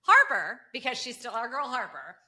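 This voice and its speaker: A woman co-hosting a podcast recaps a TV episode in casual, animated chat, acting out the characters' lines. Her voice is on the high side and her pace is moderate.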